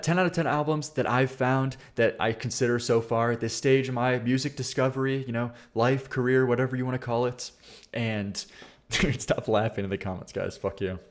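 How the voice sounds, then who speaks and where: A man's voice: medium pitch, fairly even intonation, normal speed. A man hosting a casual music reaction livestream, rambling and swearing, often restarting his sentences and laughing at himself.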